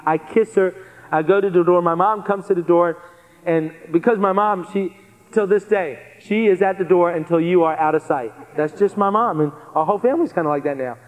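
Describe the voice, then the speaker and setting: A man telling his conversion testimony to a live audience, earnest and animated, repeating phrases for emphasis. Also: sits high, a little fast. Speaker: guest speaker giving a testimony. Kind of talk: testimony sermon storytelling. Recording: long hall reverb.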